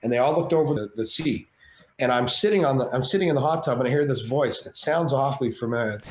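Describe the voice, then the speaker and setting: Speaking fast at a medium pitch, this man is a podcast guest sharing a personal tale, lively and loose with swearing as he mimics others. There is slight background noise, plus a roomy echo and faint ambience in the recording.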